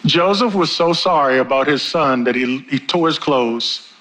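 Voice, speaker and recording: Bright-voiced man preaching a sermon. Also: moderate pace, poor audio. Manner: preaching with wide swings of pitch and pace. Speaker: pastor.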